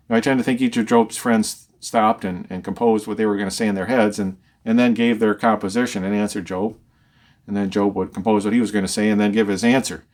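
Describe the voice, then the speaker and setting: A male Bible teacher with a medium-pitched voice works through scripture verse by verse. He reads each verse with lifted emphasis, then explains it conversationally, often repeating words as he thinks aloud.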